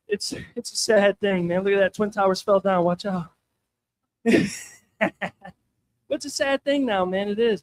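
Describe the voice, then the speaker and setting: A man with a notably high voice rambles through a crude stand-up set, dropping "man" and "you know" into nearly every line. He talks into a handheld stage mic at an open mic night. The sound is very dry and close. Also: fairly bright tone, dry recording. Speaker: stand-up comedian.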